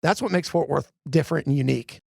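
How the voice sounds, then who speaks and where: A middle-aged man from the Philadelphia area with a heavily gravelly, fairly high voice, chatting in an interview and telling anecdotes with lots of "you know" fillers. He is recorded up close, dry and without room sound. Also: quick pace, no room sound. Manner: chatty, many "you know" fillers, acts out quoted dialogue. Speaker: arena president and general manager. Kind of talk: casual interview storytelling.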